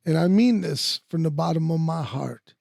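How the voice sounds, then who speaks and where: A man co-hosting a casual wrestling podcast, talking in an animated, profane way and laughing often. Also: fairly high pitch, normal speed, gravelly, no room sound, studio quality. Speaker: podcast co-host, former wrestler. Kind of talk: casual sports chat.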